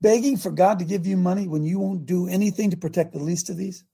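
A man's voice: high-pitched, fast, vocal fry, dark tone, breathy edge. An older man hosting a live show, preaching emphatically and calling on his audience to answer. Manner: emphatic, exclamatory, calls out to the audience. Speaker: host and preacher. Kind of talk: fiery live-show sermon.

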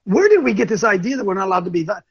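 A man's voice: high voice, very animated, rapid-fire, vocal fry, slightly rough, no room sound, lo-fi sound. An older man hosting a talk show, delivering impassioned, preachy commentary and often repeating himself. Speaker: show host.

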